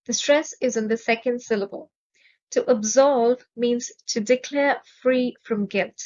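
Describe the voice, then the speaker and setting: Woman, vocabulary teacher, unhurried, crisp enunciation, muffled audio. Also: fairly high pitch, darkish tone. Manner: measured, clearly enunciated, stresses syllables. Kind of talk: slow, careful vocabulary lesson.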